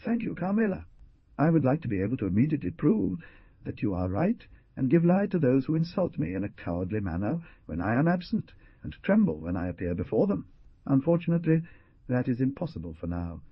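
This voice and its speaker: A man's voice: medium pitch, very animated, a little fast, breathy edge, dry recording, muffled recording, pitched above the performer's own voice. A man voicing a proud, bitter young outlaw with an intense delivery. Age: young adult.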